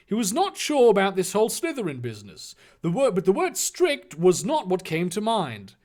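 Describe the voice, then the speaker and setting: A man reads a parody story aloud, breaking off into profane, rambling asides. His voice sits fairly high and swings widely. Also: huge pitch swings, moderate pace, few pauses, darkish tone. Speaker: comedic reader. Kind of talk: comedic reading with live asides.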